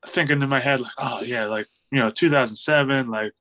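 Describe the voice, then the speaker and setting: A man in his thirties, a wrestler casually telling an animated story in an interview and acting out the quotes. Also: mid-range voice, a little fast, rough recording. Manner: animated storyteller, acts out quotes, laughs often.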